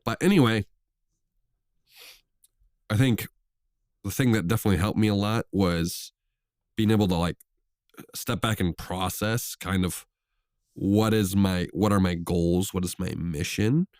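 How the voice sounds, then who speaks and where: A male co-host with a very low voice, a bit under the weather, thinking aloud in a loose, hesitant, reflective way. The recording is dry and close-miked. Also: a little slow, long pauses, darkish tone, no echo. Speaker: podcast co-host. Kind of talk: casual podcast chat.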